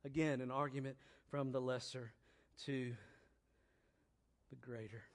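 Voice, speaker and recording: Alternating between soft, low-voiced reflection and loud, forceful exhortation, a male preacher delivers a sermon built on slow, deliberate repeated phrases. His intonation stays fairly even.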